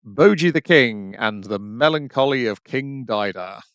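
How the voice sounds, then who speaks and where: A man's voice: medium pitch, animated, measured pace, a bit bright, no echo, highs cut off. A man on a podcast, speaking hesitantly and searching for words in casual chat. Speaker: podcast co-host.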